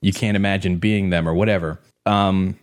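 A man's voice: low voice, fairly even intonation, normal speed. A man in a casual podcast chat, blunt and profane, rambling and laughing often. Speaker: podcast co-host.

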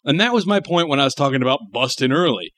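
A young man with a bright, sharp voice, co-hosting a podcast in crude casual chat. He rants with heavy profanity and pushes his points hard. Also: medium pitch, lively intonation, fast, no echo. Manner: profane, emphatic ranting. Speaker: podcast co-host.

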